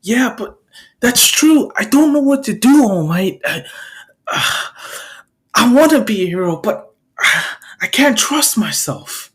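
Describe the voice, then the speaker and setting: A man voicing a nervous, self-doubting teenage boy with blade powers who stammers in a higher voice. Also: lively intonation, takes it slowly, pauses often, pushed and bright, full character voice. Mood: anxious.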